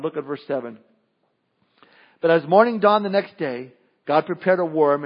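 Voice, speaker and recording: A male pastor giving an animated sermon, reading scripture aloud and acting out the voices he quotes. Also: sits high. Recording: dull lo-fi sermon recording.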